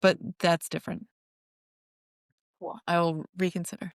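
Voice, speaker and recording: A woman's voice: lowish voice, level tone, a little slow, dry recording, studio quality. A woman co-hosting a podcast in casual chat, candid and self-deprecating, often restarting her sentences. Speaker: podcast co-host.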